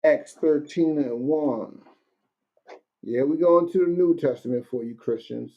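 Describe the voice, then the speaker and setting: A man leading a casual streamed Bible class, talking conversationally and reading verses out slowly. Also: a little high, muffled recording. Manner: conversational, keeps asking "you know what I'm saying"; reads verses slowly and deliberately.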